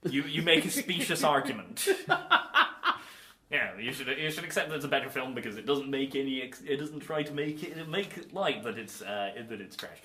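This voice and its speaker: A young man talks through a film comparison in casual podcast chat. His pitch swoops widely as he rambles, restarting sentences and tacking on asides. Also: expressive, a little fast, few pauses, bright, forceful tone. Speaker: podcast co-host.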